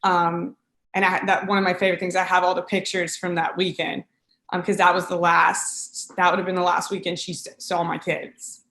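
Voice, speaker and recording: A woman around thirty recounting a painful family memory, halting with many pauses and fillers. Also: on the low side, level tone, fairly bright tone, echoey room. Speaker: interviewee. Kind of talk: emotional personal recollection.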